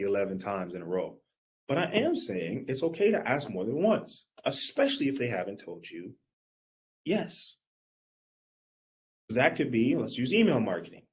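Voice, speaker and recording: A man giving a live coaching workshop, energetic and animated, talking straight to his audience. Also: medium pitch. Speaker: business coach.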